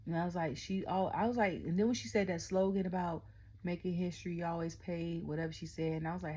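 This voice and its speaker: A middle-aged woman casually recapping a wrestling event, excitable and chatty, constantly retelling her own reactions. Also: fairly low pitch, brisk, slightly rough, dull audio. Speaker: wrestling show reviewer. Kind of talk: casual rant-style recap.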